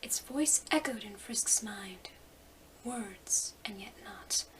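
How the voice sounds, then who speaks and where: A woman reading a story aloud in a soft, hushed whisper, on a slightly distant mic. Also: medium pitch, takes it slowly, slight background noise. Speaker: fanfiction reader.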